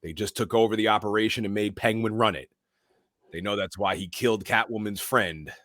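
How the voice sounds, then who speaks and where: A man co-hosting a podcast, casually recapping a film scene by scene and acting out the characters' lines in quick put-on voices. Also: lowish voice, steady tone, a bit bright, no room sound, clean studio sound. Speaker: podcast co-host. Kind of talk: casual movie recap chat.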